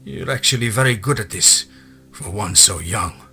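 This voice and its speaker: A man doing a gruff Italian vampire hunter. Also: fairly low pitch, normal speed, bright, forceful tone, soft background music, exaggerated voice. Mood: grudging. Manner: gruff, defiant.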